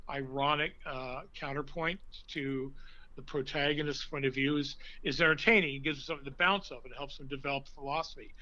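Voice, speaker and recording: A man, an actor, telling stories in an interview, animated, breaking now and then into loud put-on voices. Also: fairly high pitch, muffled recording. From from an Irish blue-collar family. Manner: animated storyteller, bursts into loud character voices. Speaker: actor guest. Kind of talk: conversational interview storytelling.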